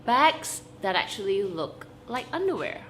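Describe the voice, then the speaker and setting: In an unhurried, medium-pitched voice, a young woman vlogs straight to the camera, animated and emphatic. She laughs a lot and leans on "okay?" for emphasis, with a little hiss or hum audible underneath.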